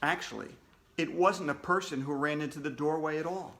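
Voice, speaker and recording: A man's voice: fairly high pitch, a little fast, a bit bright. A man, a children's author, reading his own storybook aloud to kids in a playful way with jokey asides.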